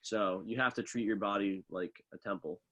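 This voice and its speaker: A man's voice: lowish voice, normal speed. A young man, a professional runner, talking casually in an interview, loose and full of fillers. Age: young adult. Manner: relaxed, loose, many fillers like "like" and "uh". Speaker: professional middle distance runner, guest.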